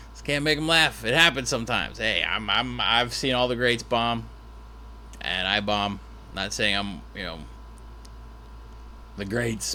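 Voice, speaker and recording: A man's voice: medium pitch, sharp tone, slight background noise. A man who is a stand-up comedian, telling a rambling, self-deprecating story with restarts and asides. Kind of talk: storytelling monologue.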